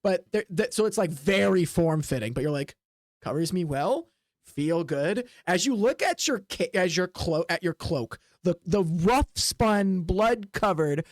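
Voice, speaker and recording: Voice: medium pitch, animated, normal speed, few pauses, no room sound, studio quality. A game master narrating a tabletop role-playing session in a loose, rambling way full of fillers. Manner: casual, rambling, many fillers.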